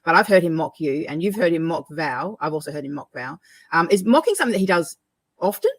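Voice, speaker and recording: A woman host with a lowish voice asks probing questions at a quick clip. Her sound is dry and close. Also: expressive, dry recording. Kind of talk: casual online interview.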